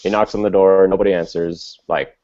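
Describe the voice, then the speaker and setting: Deep-voiced young man, rambling story. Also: flat delivery, fairly quick, a little mellow. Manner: rambling, lots of filler words and swearing. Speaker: co-host telling a story. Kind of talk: casual storytelling chat. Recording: dull lo-fi audio.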